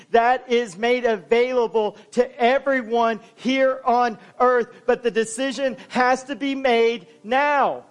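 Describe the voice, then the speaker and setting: A man preaching as pastor in a church, moving between soft, low passages and loud, emphatic ones. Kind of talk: sermon.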